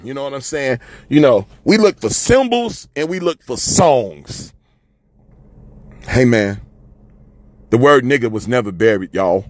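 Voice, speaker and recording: A man giving fiery street-talk radio commentary, preachy and repetitive, often calling listeners "family", swinging between shouts and low mutters.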